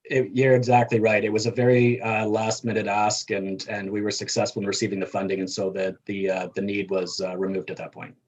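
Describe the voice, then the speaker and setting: A man on city staff answering councillors' questions, halting with many fillers. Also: on the low side, little pitch movement, highs cut off.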